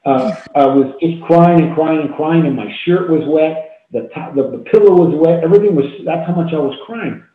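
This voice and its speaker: Over a video call with tinny, phone-like, echoey audio, a man in his fifties appears as a talk show guest telling a deeply personal story. He's earnest and heartfelt, repeating phrases and speaking at normal speed with hardly any pauses.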